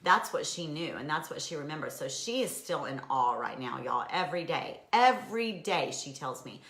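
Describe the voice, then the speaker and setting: A woman hosting a weekly live stream, chatting casually and warmly encouraging her viewers, answering their comments by name and laughing often. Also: low voice, animated, moderate pace, few pauses, reverberant.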